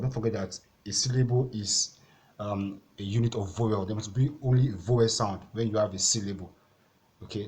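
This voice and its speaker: Guy teaching exam prep, lowish voice, goes step by step and repeats stuff, bit of faint background noise. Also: darkish tone. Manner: explains step by step, repeats key points.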